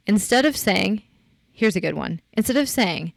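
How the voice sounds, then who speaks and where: A woman's voice: a little high, expressive, unhurried, vocal fry, dry recording. A woman hosting a podcast, talking in an encouraging, conversational coaching style and leaning hard into the points she stresses. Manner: emphatic, encouraging, rises sharply when making a point. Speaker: podcast host.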